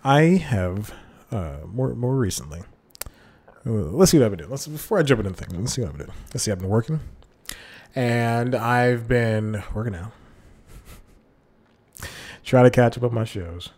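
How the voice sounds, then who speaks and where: Alone on his own podcast, a man rambles casually into a desk mic, headphones on, with chuckling asides and frequent self-corrections. His mid-range voice is animated and a little mellow, at normal speed with frequent pauses.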